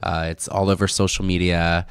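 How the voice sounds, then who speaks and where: A young man chats casually as a guest on a podcast, upbeat and gushing. His voice sits very low and sounds smooth. It is recorded close and dry. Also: flat delivery, moderate pace, no room sound. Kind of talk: casual chat.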